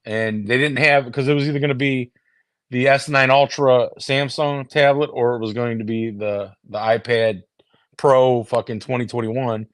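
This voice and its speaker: A man rambles to his viewers in a loose, profane chat, stumbling over repeated words and starting sentences over. His voice sits at an ordinary middle pitch. The sound is very dry and close, captured on a phone with no room echo. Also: fairly even intonation, normal speed, a bit bright. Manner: heavy swearing, restarts and repeated words. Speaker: streamer talking to viewers.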